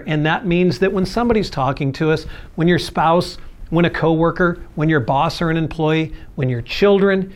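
A man preaching a sermon in an earnest, conversational way, acting out everyday quotes as he goes. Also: a little high. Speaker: pastor.

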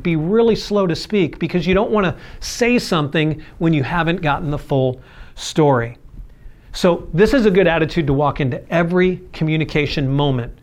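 A man preaching a sermon in an earnest, conversational way, acting out everyday quotes as he goes. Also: on the high side. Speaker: pastor.

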